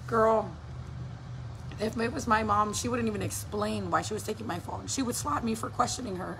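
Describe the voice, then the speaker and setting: A mother in her thirties tells a story on her casual vlog, cursing and acting out what people said with lots of animation. Her voice is a little high and a little fast with vocal fry, over slight background noise.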